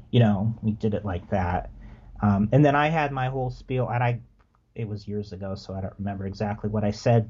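Male podcast guest with a mellow, dark voice, telling relaxed rambling stories, slightly dull lo-fi sound. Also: fairly low pitch. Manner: relaxed, rambling, frequent restarts. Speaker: podcast guest, former theme park worker. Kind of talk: casual storytelling.

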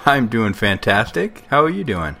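A man's voice: medium pitch, very animated, moderate pace, vocal fry, bright, forceful tone, faint music behind. A man co-hosting a podcast, speaking in a laid-back way. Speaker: podcast co-host. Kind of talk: casual podcast chat.

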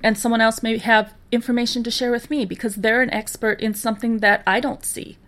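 A woman's voice: fairly high pitch, little pitch movement, fairly quick, fairly bright tone. A woman with a Minnesotan accent, co-hosting a podcast in casual chat and laughing easily. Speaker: podcast co-host.

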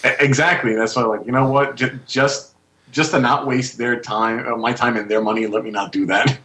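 A man's voice: medium pitch, steady tone, moderate pace, bright, forceful tone, reverberant, low-quality recording. A young man in his twenties telling a rambling, casual story with laughing asides. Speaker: guest storyteller.

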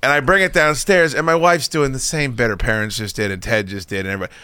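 A man hosting a podcast, telling stories in a casual, animated way and swearing often. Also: mid-range voice, fast, noisy background. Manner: animated storyteller, swears freely, laughs a lot. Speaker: podcast host. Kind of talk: casual chat.

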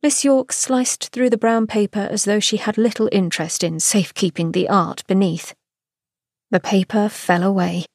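A woman reads a romance novel aloud in an expressive, measured narration. Her voice sits at a middle pitch, and the recording is close and dry with no room sound. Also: dry recording. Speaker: podcast host reading a novel excerpt. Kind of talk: scripted narration.

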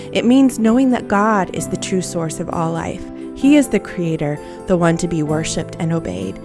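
A woman giving an earnest, encouraging Bible lesson for children, leading them in repeating a verse and closing with a prayer. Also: medium pitch. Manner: gentle, earnest, encouraging, leads call-and-response.

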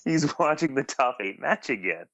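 A man spins a comic anecdote in relaxed podcast chat. He is animated and breaks into laughter while doing quick voices for the people in the story. The sound is close and dry, with a slightly dull, lo-fi tone. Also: medium pitch, dry recording. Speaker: guest telling a story.

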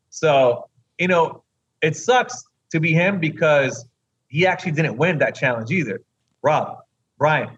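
A man's voice: on the high side, fairly bright tone, slightly rough, highs cut off. A man, a recently eliminated reality competition contestant, tells his side of the story emphatically in an interview, often asking "right?".

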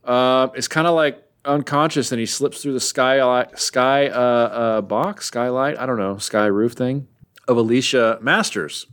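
A young man in the middle of a comic book recap, talking in a mid-pitched voice. He rambles loosely, leans on fillers and drops offhand jokes as he goes. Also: measured pace, a bit bright. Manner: rambling, filler-heavy, joking.

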